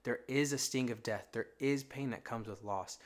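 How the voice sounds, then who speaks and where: A man's voice: mid-range voice, normal speed. A young man giving a casual, conversational faith talk, now and then acting out his own inner thoughts. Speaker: Christian content creator.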